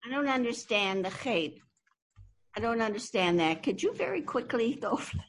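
A woman's voice: a little high, expressive, normal speed. A woman student politely asking a question, heard faintly and from far off over a video call.

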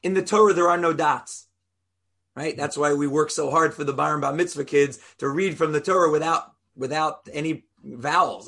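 A man's voice: a little high, moderate pace, vocal fry, a bit bright. A rabbi teaching an informal Torah class, explaining step by step and quizzing his listeners in a conversational way.

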